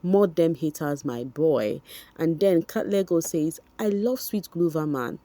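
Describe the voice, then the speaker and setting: A young Nigerian woman talks straight to her viewers in a chatty, gossipy commentary, circling back over her points. Her voice sits a little low and sounds mellow. The recording is dry and close. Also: measured pace, dry recording. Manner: chatty, addresses viewers directly, repeats for emphasis. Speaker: vlogger.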